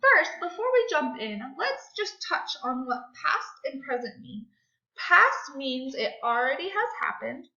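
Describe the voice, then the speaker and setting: Woman teacher doing a phonics lesson, really high and lively voice, slow and patient, echoey room. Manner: slow, sing-song teacher voice, clapping out syllables. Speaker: second grade teacher. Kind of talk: classroom grammar and phonics lesson. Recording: echoey room, dull lo-fi sound.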